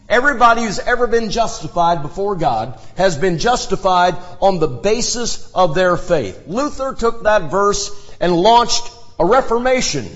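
A man's voice: high-pitched, lively intonation, normal speed, a bit bright. A man preaching an expository sermon, teaching from Bible passages with dramatic shifts in emphasis. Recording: dull lo-fi sound with long hall reverb.

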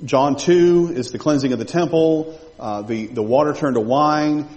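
A male pastor preaching a sermon, animated and full of rhetorical questions to his congregation. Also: a little high, moderate pace. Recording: long reverb of a large hall.

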